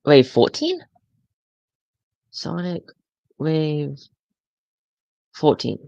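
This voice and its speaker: Stammering, rambling man with a gravelly voice. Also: a little high, wildly swooping pitch, extremely slow, warm tone, dry recording, lo-fi sound. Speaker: toy collector streamer. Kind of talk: casual live-stream chat.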